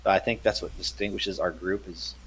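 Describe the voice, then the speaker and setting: Rambling low-voiced man. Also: fairly even intonation, fairly quick, a bit bright, breathy edge, low-quality recording. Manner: rambling, repeats words as he thinks. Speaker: tabletop game player. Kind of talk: casual podcast chat.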